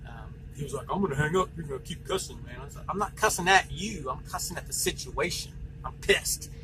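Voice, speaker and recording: Heated, high-voiced, swearing man. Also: fairly quick, noisy background. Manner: swearing, heated, retells phone calls in voices. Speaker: truck driver. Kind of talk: angry venting vlog.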